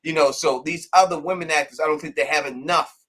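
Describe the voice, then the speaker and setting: A man's voice: on the high side, quick pace, breathy edge. A man hosting a live call-in stream, chatting casually and animatedly. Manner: animated, laughing, acts out characters. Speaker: show host.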